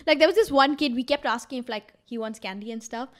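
A young woman with a high voice adds details to a story she shares with her co-host. Her delivery is relaxed and conversational, filling in what happened. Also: fast talker. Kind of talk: casual storytelling chat.

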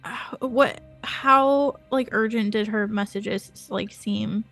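A woman's voice: on the high side, slow, fairly bright tone, soft background music. A woman playing a tabletop game, speaking casually and hesitantly with fillers. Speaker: player.

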